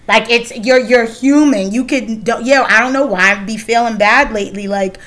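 A woman's voice: fairly high pitch, normal speed, a bit bright. A woman in her thirties hosting a casual chat, candid and swearing freely, with lots of fillers. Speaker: podcast host.

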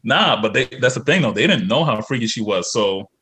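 A man telling a long, animated story on a casual podcast, acting out other people's lines. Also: medium pitch, fairly quick, breathy edge. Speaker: podcast guest.

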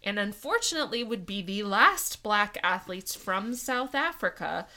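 A woman's voice: medium pitch, very animated, unhurried, bright, forceful tone. A woman co-hosting a podcast, telling a history story in a casual, chatty way with frequent laughs and fillers. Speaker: podcast co-host.

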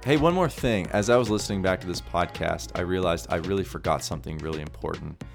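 A man hosting his own podcast, talking excitedly and pitching his services, now and then dropping into mumbled asides. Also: fast, vocal fry, faint music behind. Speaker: podcast host. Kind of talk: energetic solo podcast monologue.

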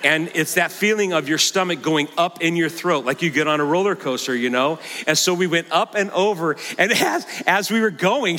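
An older male pastor tells a story from the pulpit, his voice bright and pitched a little high. He is animated, at times mimicking a squealing child, and his words trail into a long reverb that fills the church hall. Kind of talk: sermon.

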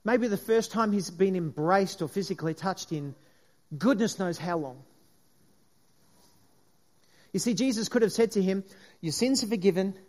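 A man's voice: sits high, normal speed, a little mellow. A man preaching a sermon in an earnest way, with frequent restarts and the aside "if you like".

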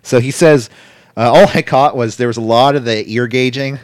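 A man co-hosting a casual chat, recapping a wrestling show in a rambling way with quick impressions. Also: mid-range voice, no echo, clean studio sound. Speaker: podcast co-host recapping wrestling.

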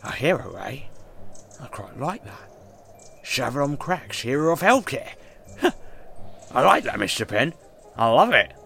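A man's voice: medium pitch, very animated, measured pace, vocal fry, pauses often, bright, forceful tone, soft background music, full character voice. A man voicing a smarmy, fussy male duck doctor with a genteel, slippery politeness. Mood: flattered.

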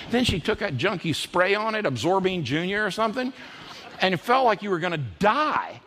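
A man in his fifties preaching a sermon, telling folksy personal stories and jumping into high voices when he quotes people. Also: sing-song, brisk, pushed and bright, a little hiss or hum. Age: 50s. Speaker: pastor. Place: church auditorium. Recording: reverberant church hall with faint ambience.

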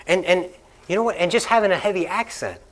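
A man preaches to his congregation in a fairly high, conversational voice, telling stories and repeating key lines. He is from the Northeastern United States and moves from casual anecdotes into a slow, earnest prayer. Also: animated. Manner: conversational storytelling preacher who laughs and repeats lines for emphasis. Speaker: pastor. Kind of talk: sermon and closing prayer. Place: church sanctuary.

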